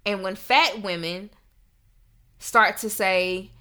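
A woman's voice: mid-range voice, takes it slowly, sharp tone. A young woman hosting a podcast, ranting in a heated, emphatic, profane casual talk. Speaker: podcast host.

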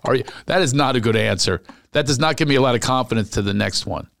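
A man, a stand-up comic, chatting casually and telling animated stories, acting out the people he quotes. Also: medium pitch, quick pace, gravelly, no room sound, clean studio sound. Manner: animated storyteller, acts out quotes. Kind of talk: casual podcast chat.

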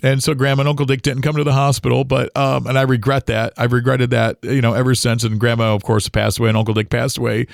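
Halting, gravelly-voiced man telling a loss. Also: mid-range voice, level tone, no echo, studio quality. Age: middle-aged. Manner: halting, emotional retelling with many restarts. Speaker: podcast host. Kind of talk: personal storytelling.

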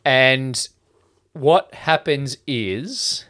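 A man in casual podcast chat who rambles through a film's plot and swears easily. His voice sits at a middling pitch for a man. He talks loosely and circles back on himself as he goes. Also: expressive, a little slow, a bit bright. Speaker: podcast co-host. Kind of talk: casual film-review chat.

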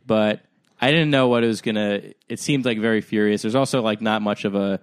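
A man's voice: lowish voice, steady tone, brisk, clean tone, no echo, clean studio sound. A young man co-hosting a podcast, telling a rambling, self-deprecating story in a casual way, full of "like" and "um". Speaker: podcast co-host.

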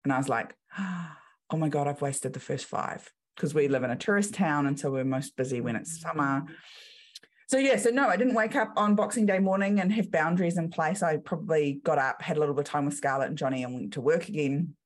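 This is a business coach in her thirties with a New Zealand accent. She has a deep voice and a brisk pace, and in a podcast interview she spins lively stories while mimicking the voices of the people she's quoting.

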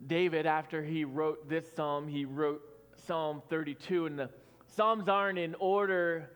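A man in his thirties preaching a conversational sermon as pastor, telling a story with fillers and swinging between loud emphasis and soft, quiet lines. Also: fairly high pitch, steady tone, measured pace, clear, resonant tone. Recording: long hall reverb with soft music.

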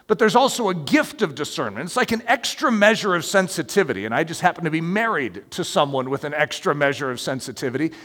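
High-voiced gravelly preacher in echoing hall. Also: male voice. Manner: animated, emphatic preaching with playful asides. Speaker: pastor. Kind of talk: sermon. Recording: long hall reverb.

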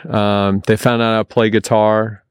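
A man's voice: on the low side, a little slow, smooth, dry recording, studio quality. Man telling a rambling story. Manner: rambling, animated retelling with repeated words. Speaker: guest storyteller. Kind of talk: casual storytelling.

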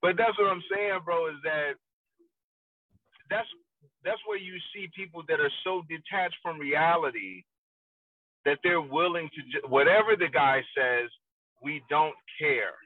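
A man's voice: a little high, unhurried, long pauses, no room sound. A man in casual political chat, talking emphatically and repeating points, often saying bro. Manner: emphatic, repetitive, says bro. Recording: tinny phone-like line.

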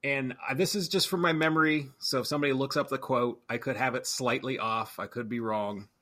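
A man's voice: medium pitch, fairly even intonation, brisk, bright, forceful tone. A man hosting a casual movie podcast, rambling and correcting himself as he talks. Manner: rambling, self-correcting, chuckling. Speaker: podcast host.

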